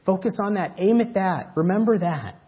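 Husky pastor preaching, lo-fi. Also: male voice, high-pitched, expressive, moderate pace. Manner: emphatic preaching with sudden loud and soft swings. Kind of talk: sermon. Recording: dull lo-fi church audio.

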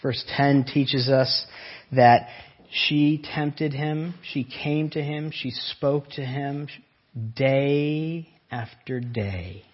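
A man's voice: a little high, flat delivery, takes it slowly. A man preaching a sermon in an earnest way, often asking rhetorical questions. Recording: dull lo-fi recording.

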